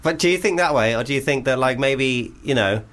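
A man's voice: medium pitch, lively intonation, fairly quick, a bit bright. A man co-hosting a podcast, joking and rambling in casual banter. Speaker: podcast co-host.

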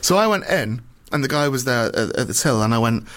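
A man tells a story at a quick clip, his pitch bouncing up and down as he acts out both sides of a conversation. He stumbles over his words, swears freely and keeps a loose, chatty rhythm. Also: animated, a bit bright. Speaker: comedian. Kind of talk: casual podcast chat.

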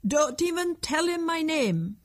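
A woman voicing a frightened young boy in a storybook reading, with a breathy, pleading voice. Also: sits high, sing-song, a little slow, voice pushed up. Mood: urgent. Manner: pleading, tearful.

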